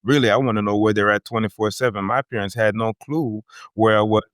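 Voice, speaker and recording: A man's voice: on the low side, steady tone, brisk, fairly bright tone, dry recording, clean studio sound. A man in his fifties from Jamaica with a light Jamaican accent, an easygoing podcast guest who laughs often. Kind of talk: casual interview chat.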